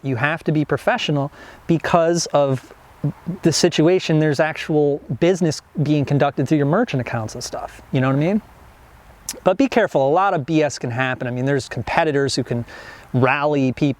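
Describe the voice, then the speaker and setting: A man's voice: medium pitch, a little mellow. A young man teaching an online business course in a casual, rambling way, full of fillers and restarts. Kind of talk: casual instructional talk.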